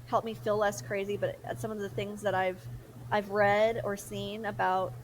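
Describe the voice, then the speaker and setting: A young woman chats as a podcast co-host, lively and emotional in how she tells her story. Her voice sits at an everyday middle pitch, with a faint hum of room noise behind her. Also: moderate pace, low-quality recording. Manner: animated and emotional, quotes others in lively voices. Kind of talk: casual chat.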